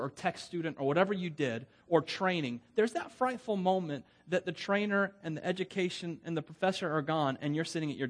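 A middle-aged pastor preaches in a loose, conversational way. His voice sits a little high for a man, and he often laughs at his own asides. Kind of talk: sermon.

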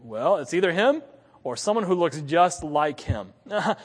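Pastor, 30s, male: high voice, lively storyteller, laughs often, long hall echo. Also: measured pace, breathy edge. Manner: animated storytelling with frequent laughs. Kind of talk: sermon.

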